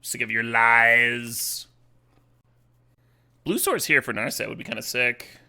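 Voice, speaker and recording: Guy streaming cards, gravelly, super bright tone, swears and laughs a lot. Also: medium pitch, takes it slowly, pauses often. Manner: swears casually, laughs often, thinks aloud. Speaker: streamer playing a card game. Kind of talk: casual live-stream commentary.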